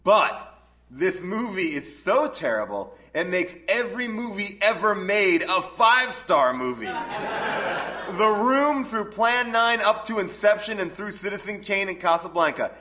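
A man's voice: high voice, very animated, a little slow, background noise. A man hosting a live comedy movie review show, joking with the audience and laughing often.

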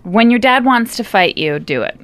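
A woman co-hosting a casual comedy podcast, delivering a list of jokey lessons in a deadpan way and laughing at herself. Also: on the high side, moderate pace, slight background noise. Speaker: podcast co-host.

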